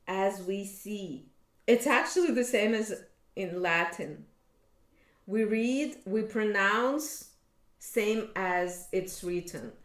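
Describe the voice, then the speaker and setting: A woman teaching an online language lesson, slowly and patiently reading words aloud for learners. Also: medium pitch, fairly bright tone, reverberant.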